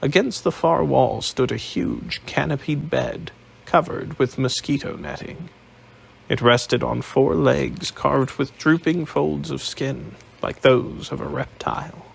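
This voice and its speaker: A man narrating an audiobook in a measured, unedited reading with small slips. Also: mid-range voice, creaky, slightly rough.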